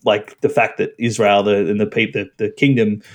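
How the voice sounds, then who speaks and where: A man's voice: fairly low pitch, flat delivery, moderate pace, a little hiss or hum. A male priest in casual podcast conversation, hesitant, with many fillers and restarts. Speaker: Catholic priest, podcast guest.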